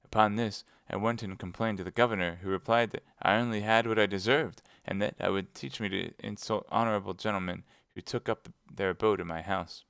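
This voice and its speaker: Brief: man reading a fretful innkeeper, pleading and aggrieved, clear voice, dry close sound. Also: on the low side, steady tone, a little fast, hardly any pauses, a bit bright, no echo. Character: distraught middle-aged male innkeeper, complaining.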